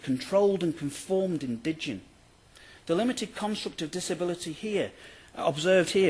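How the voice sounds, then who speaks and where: A male university lecturer reading out a prepared academic paper in a formal, measured way, with the odd dry aside. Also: on the high side, husky.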